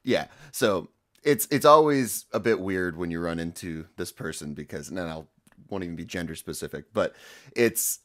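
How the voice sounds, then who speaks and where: Iowa guy cohosting a podcast, really deep voice, lively up and down, wry rambling takes. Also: moderate pace. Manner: wry, meandering, opinionated. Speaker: podcast co-host. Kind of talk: casual podcast chat.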